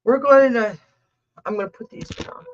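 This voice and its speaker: A woman's voice: on the high side, wildly swooping pitch, normal speed, lo-fi sound. A woman doing a live-stream tarot reading, repeating her questions insistently and chatting asides to her cat. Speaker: tarot reader.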